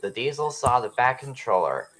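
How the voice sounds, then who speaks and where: Lively man narrating a story. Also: medium pitch, moderate pace, background noise. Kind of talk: storybook reading.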